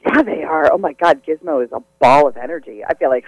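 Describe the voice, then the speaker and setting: A woman's voice: deep voice, expressive, fast talker, dry recording, rough recording. A woman giving psychic readings as a guest on a live radio show, effusive, chatty and giggly.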